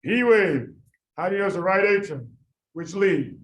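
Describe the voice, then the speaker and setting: A man tutoring medical students in a lively class, quizzing them by name and repeating the key points. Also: high voice, moderate pace, low-quality recording. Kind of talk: lively classroom teaching with drills.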